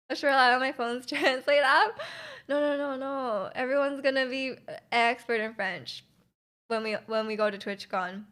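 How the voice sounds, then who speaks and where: A woman's voice: a little high, unhurried, a bit bright. A woman streamer chatting casually with her livestream chat, giggling often and reacting to messages.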